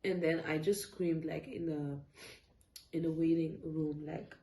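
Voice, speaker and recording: A woman's voice: low-pitched, steady tone, dark tone, low-quality recording. Tearful woman telling a personal story. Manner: open, halting storytelling with many fillers and restarts. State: tearful at times. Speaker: vlogger. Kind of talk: emotional personal story time.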